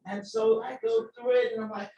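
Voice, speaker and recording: A man teaching a chemistry class, telling a profane, animated story to his students. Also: very high-pitched, normal speed, highs cut off, slight background noise. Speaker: chemistry instructor. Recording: echoey room, from far off.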